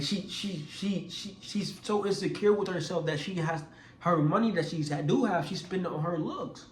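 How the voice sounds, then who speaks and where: Young guy vlogger, slightly high voice, animated storyteller who stumbles and restarts, roomy echo. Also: slight background noise. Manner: animated, acts out quoted voices; casual, repeats words and restarts. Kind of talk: casual storytelling.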